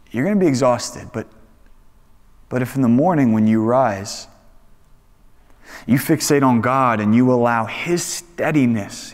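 A man teaching a young adults Bible study in a casual, conversational sermon style, animated and acting out quoted voices. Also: mid-range voice. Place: church hall. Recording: echoey hall reverb.

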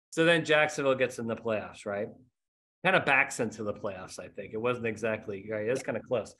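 A man's voice: medium pitch, normal speed, pushed and bright. A middle-aged man hosting a podcast, telling stories in casual, self-mocking chat. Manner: rambling storyteller, self-mocking. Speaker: podcast host.

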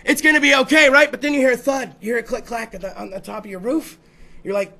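Man hosting a talk show, high pitched, bright and sharp, gravelly edges, rowdy and profane. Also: normal speed. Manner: profane, rowdy, animated riffing with put-on voices. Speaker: podcast host. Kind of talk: loud comedic talk show monologue.

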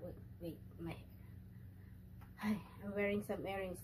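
A woman with a Filipino accent, chatting excitedly and slipping in Tagalog words while unboxing a package for her vlog in a room indoors. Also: mid-range voice, a little slow, background noise. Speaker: vlogger.

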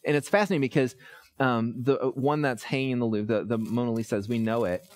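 Pastor, male, 30s, relaxed storytelling sermon, mid pitch, lots of "uh"s. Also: fast. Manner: conversational, storytelling with many fillers.

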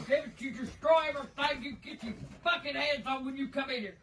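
An older woman making prank videos, cursing and yelling at her grandson in rough, profane banter. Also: high voice, brisk, few pauses, slight background noise. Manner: foul-mouthed, yelling, cackling.

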